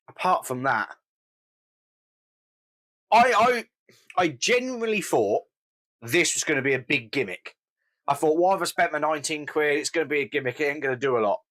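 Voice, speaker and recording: Man, casual review host, enthusiastic, slightly higher voice. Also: fairly bright tone. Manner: enthusiastic, gushing. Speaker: beer reviewer.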